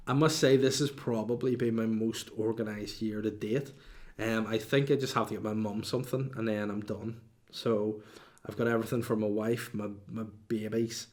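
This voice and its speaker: A man hosts a relaxed solo podcast in a mid-range voice. He talks in a chatty, cheeky way, rambling through asides and reading out listener questions. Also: medium pitch. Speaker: podcast host. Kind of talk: casual solo podcast chat.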